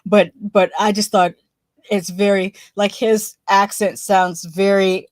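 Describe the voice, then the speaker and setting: A woman's voice: mid-range voice, slow pace, long pauses, dry recording, clean studio sound. A woman hosting a casual live stream, chatting loosely, laughing often and restarting her sentences. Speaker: livestream host.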